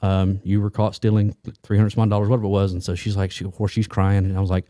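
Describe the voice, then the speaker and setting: A man's voice: lowish voice, level tone, fast, mellow, no echo, studio quality. A man co-hosting a podcast, telling a rambling anecdote full of restarts and asides in casual chat. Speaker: police detective and co-host.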